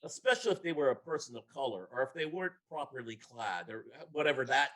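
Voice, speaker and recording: A man's voice: medium pitch, very animated, fast talker, a bit bright, rough recording. A man telling a casual anecdote in a church discussion, chatty and laughing now and then.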